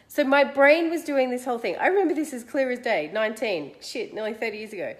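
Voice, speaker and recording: An Australian woman in her forties, hosting and telling a personal story in a chatty, animated, self-mocking way. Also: on the high side, brisk, hardly any pauses. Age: 40s. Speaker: host.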